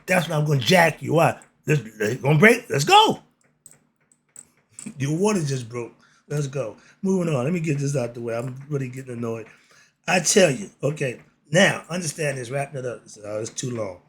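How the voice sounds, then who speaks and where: An American commentary channel host delivers a casual political monologue, blunt and streetwise, posing "why?" to himself and answering it. His mid-range voice is animated, brisk, and slightly rough.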